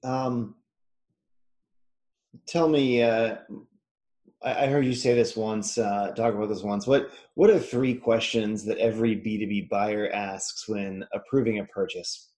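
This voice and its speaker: Male interview host, lower voice, feels his way through questions. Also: fairly even intonation, warm tone. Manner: halting, rephrases questions mid-sentence.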